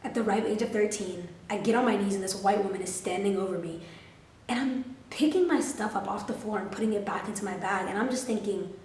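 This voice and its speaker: A woman's voice: mid-range voice, a little fast, a little hiss or hum. Woman in her twenties, roomy distant sound. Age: 20s. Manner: profane, lots of "like" fillers; animated, vivid storytelling. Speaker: vlogger. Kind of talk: storytime vlog. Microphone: camera filming herself. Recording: roomy, mic set back.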